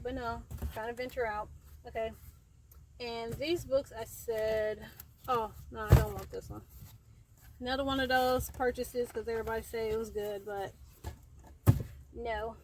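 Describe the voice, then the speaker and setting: A woman's voice: on the high side, steady tone, measured pace, pauses often, heavy background noise. A young woman vlogging outdoors in the heat, chatty and rambling with fillers, somewhat out of breath. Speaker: book vlogger. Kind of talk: casual chat. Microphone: camera framing herself.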